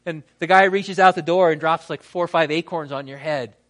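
A man preaching a sermon, reading scripture and acting out quotes with dramatic pauses. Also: on the high side, fairly bright tone. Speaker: pastor.

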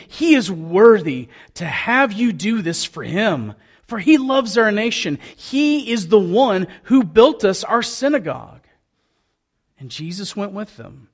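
A man preaches in an earnest, conversational way, reading scripture and leading prayer. His voice sits a little high for a man, and he slips in folksy asides as he goes. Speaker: pastor.

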